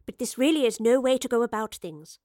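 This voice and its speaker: Soft-spoken kind lady professor, consoling tone, read by a woman, dry close mic. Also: a little high, animated, a little fast, dry recording, close to an everyday voice. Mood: gentle. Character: kindly sympathetic woman professor.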